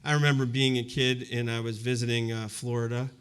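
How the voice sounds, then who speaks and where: A man in his fifties, presenting at a university event before a live audience, shares a personal story in a conversational, reflective way, dropping in fillers like "you know" often. His medium-pitched voice is smooth and a bit bright, with a flat, brisk delivery.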